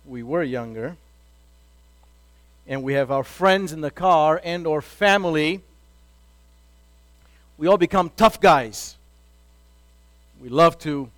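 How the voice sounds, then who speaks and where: A man's voice: on the high side, no room sound. A man giving a sermon as a pastor, talking in an easy conversational way and acting out everyday quotes.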